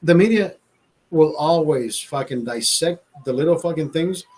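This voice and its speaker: A man with a husky, slightly high voice rants to his livestream audience. He swears freely, stresses his points hard and circles back over his own words. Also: moderate pace, darkish tone. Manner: profane, emphatic, repeats and restarts. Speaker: livestream host. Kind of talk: casual live storytelling rant.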